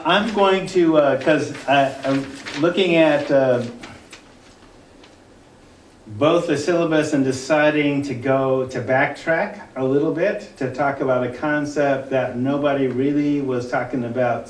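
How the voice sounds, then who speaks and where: A male college instructor giving a conversational classroom lecture, halting often with fillers and restarts. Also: mid-range voice, a little hiss or hum. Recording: roomy classroom from a distant mic.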